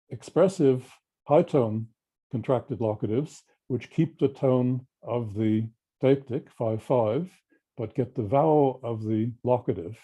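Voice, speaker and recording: Older Australian male lecturer, very mellow dark tone, measured technical delivery. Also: mid-range voice. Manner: measured, technical, explanatory with pauses. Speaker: linguistics lecturer. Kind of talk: academic seminar lecture.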